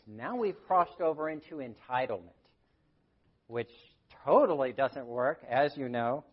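A man's voice: a little high, moderate pace, muffled recording. A man, a grief counselor, giving an earnest sermon and telling stories with quoted voices. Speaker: grief counselor speaking at church.

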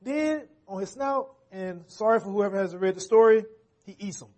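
A man preaching a sermon in a church, in a relaxed conversational manner, often checking in with the congregation. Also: high-pitched, moderate pace. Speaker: pastor.

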